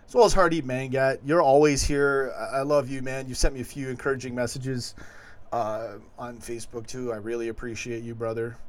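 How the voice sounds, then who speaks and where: A man hosting a late-night fan livestream, rambling and animated as he reads viewer comments. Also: medium pitch. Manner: rambling, animated, chuckling asides. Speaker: host of a fan call-in show.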